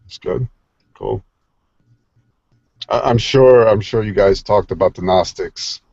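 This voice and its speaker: A man's voice: lowish voice, takes it slowly, creaky, a little mellow, no room sound. A man joining an online group chat from his phone, talking in a laid-back, hesitant way. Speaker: participant in an online discussion. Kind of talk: casual group video chat. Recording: dull lo-fi phone audio.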